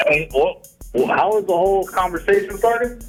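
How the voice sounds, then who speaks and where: A man's voice: high voice, moderate pace, soft background music, poor audio. A man calling in to a radio show, laid-back and slangy, tossing in "bro" as he gives his view. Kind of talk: casual call-in chat.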